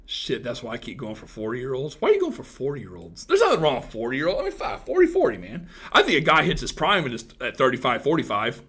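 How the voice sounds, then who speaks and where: A man in his thirties hosting a casual livestream, teasing and joking crudely with his viewers, swinging from loud outbursts to mumbled asides. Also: medium pitch, wildly swooping pitch, fast talker, hardly any pauses, slightly rough. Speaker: livestream host chatting with viewers.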